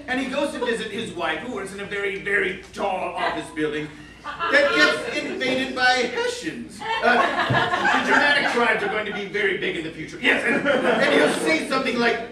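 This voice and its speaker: In a live stage sketch, a comedy actor plays an excitable Victorian author eagerly pitching one odd story after another, his full character voice very high and swooping at normal speed. He rambles, keeps saying "yes, yes," and bursts into theatrical shouts. He's heard from a distance in an echoey theater, over a noisy crowd and audience laughter.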